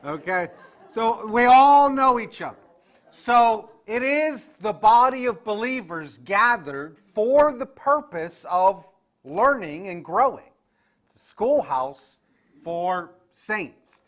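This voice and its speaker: A man's voice: sits high, a bit bright. A man leading an adult church class, speaking conversationally and often checking in with his listeners. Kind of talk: casual church class teaching.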